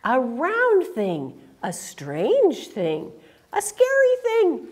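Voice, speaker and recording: A woman reading a picture book aloud to young children, in an animated, sing-song, coaxing way. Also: mid-range voice, takes it slowly. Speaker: children's storyteller. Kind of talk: storytime read-aloud to children.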